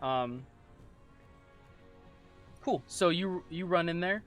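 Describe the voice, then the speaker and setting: A man narrating as game master, reading scene descriptions aloud with halting restarts. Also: on the high side, faint music behind.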